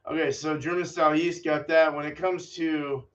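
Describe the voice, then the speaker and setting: A man's voice: a little high, flat delivery, moderate pace. A man hosting a homebrewing vlog, thinking aloud in a casual, distracted way and swearing offhandedly. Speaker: homebrewer and channel host. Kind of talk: casual rambling vlog talk. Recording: dull lo-fi audio from a distance.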